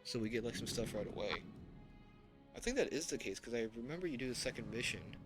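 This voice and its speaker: Over music, a man streams a video game and chats casually about its menus and story, often correcting himself and chuckling to himself. His mid-range voice moves quickly with lively intonation.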